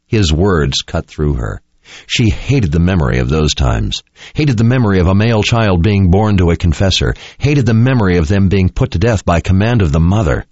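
Male audiobook narrator, deep voice, dramatic reading, lo-fi sound, dry booth. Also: expressive, normal speed, a little mellow, no echo. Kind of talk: scripted narration. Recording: dull lo-fi dry recording.

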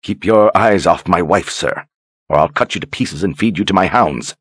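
A man's voice: low voice, moderate pace, a bit bright, breathy edge, no room sound, clean studio sound. A man doing a threatening jealous duke.

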